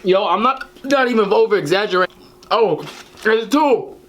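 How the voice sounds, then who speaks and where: A young man filming a spicy food challenge, talking casually on camera, excitable and profane, flustered and teary, with music behind him. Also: high voice, moderate pace, background noise. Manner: excitable, profane, loud yelps and exclamations. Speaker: challenge video creator. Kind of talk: casual on-camera commentary while eating. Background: background music.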